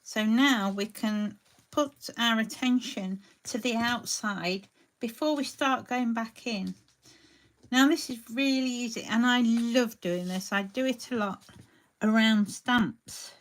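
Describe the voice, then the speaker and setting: A woman with a somewhat high voice and a slow pace hosts a live crafting tutorial. She paints while chatting and greeting viewers by name.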